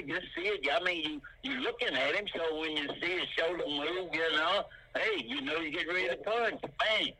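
Bright, punchy older man instructor. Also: lively intonation, normal speed, husky, low-quality recording. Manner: punchy, with sound effects like boom and bam. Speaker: martial arts instructor. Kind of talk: animated teaching talk.

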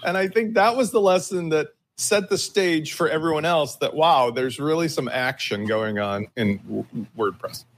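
A man's voice: a little high, moderate pace, few pauses. A man co-hosting a casual panel discussion, opinionated and emphatic, stretching out his key words. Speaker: podcast co-host.

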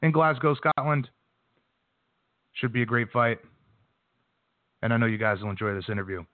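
A man's voice: fairly low pitch, steady tone, fairly quick. Male radio host, brash sports-talk delivery, thin lo-fi phone sound, no room echo. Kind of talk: sports news recap and interview. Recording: dry phone-quality line.

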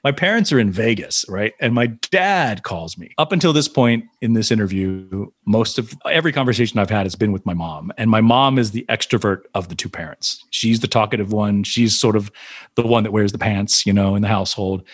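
A man, an actor, telling anecdotes in a casual interview, animated and laughing often. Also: on the low side, moderate pace, slightly rough, no echo. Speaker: actor, guest.

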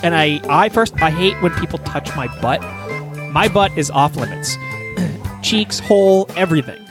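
Animated, profane man telling a story. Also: fairly high pitch, moderate pace, over music. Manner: animated, profane, exaggerating for laughs. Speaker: podcast co-host. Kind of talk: casual storytelling chat.

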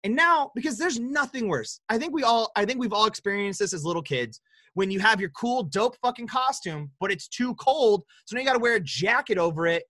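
A man's voice: sits high, animated, a little fast, sharp tone, dry recording, clean studio sound. A young man from the American Midwest, co-hosting a podcast in casual, teasing banter full of swearing. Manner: joking, profane, teasing. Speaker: podcast co-host.

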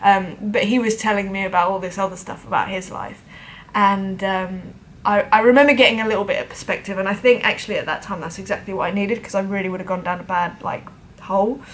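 A woman's voice: mid-range voice, steady tone, quick pace, a little hiss or hum. Chatty self-deprecating woman. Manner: chatty, self-deprecating, acts out the voices of others. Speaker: drummer telling a personal story. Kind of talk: casual storytelling to camera.

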